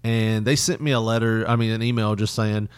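A man's voice: fairly low pitch, steady tone, fairly quick, clean tone, dry recording, clean studio sound. A man co-hosting a casual chat, telling a rambling story with cursing, frequent laughs and voices he mimics. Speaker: podcast co-host.

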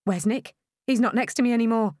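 A woman voicing a frantic young woman in labour, shrill and screeching. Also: fairly quick, a little mellow, no room sound, clean studio sound, natural voice. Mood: panicked, shrill.

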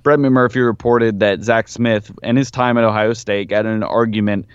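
A man's voice: fairly low pitch, fairly even intonation, normal speed, clear, resonant tone, no echo, lo-fi sound. A man co-hosting a sports podcast, talking in a laid-back, matter-of-fact way. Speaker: podcast co-host. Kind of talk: casual sports chat.

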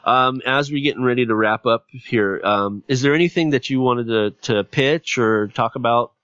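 A man hosting a podcast interview, talking plainly and a bit haltingly. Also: medium pitch, fairly bright tone, smooth, no room sound, dull audio. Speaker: podcast network host.

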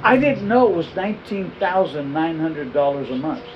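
A middle-aged male pastor preaching through a personal story, his voice sitting a little high for a man. He talks with animated energy, stumbling and restarting phrases as he goes, with a faint hum of room ambience behind him. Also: moderate pace, muffled recording. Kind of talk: storytelling sermon.

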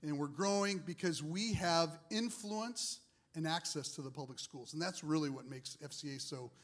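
A man's voice: a little high, normal speed. A man, a ministry leader, sharing his testimony with a congregation in a casual, rambling way with many fillers.

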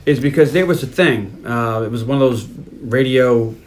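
A man's voice: medium pitch, normal speed, slight background noise. A man co-hosting a movie podcast, joking and telling little stories in casual chat. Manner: joking, tells stories with quoted asides. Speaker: podcast co-host.

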